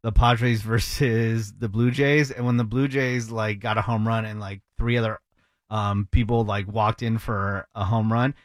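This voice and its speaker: A man co-hosting a radio show, telling a story in a relaxed, rambling way with many fillers. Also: lowish voice, a little slow, dry recording, clean studio sound. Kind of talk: casual radio banter.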